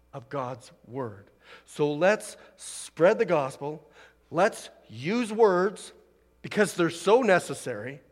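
A man preaching a sermon, swinging from loud emphatic declarations to hushed, near-whispered lines. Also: on the high side. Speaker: pastor. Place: church hall. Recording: long hall reverb.

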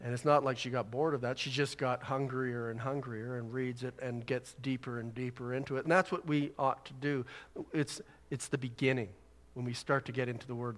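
A pastor with a medium-pitched, slightly bright voice preaches a sermon, starting out chatty and casual before building into emphatic exhortation. A long reverb tail trails his words.

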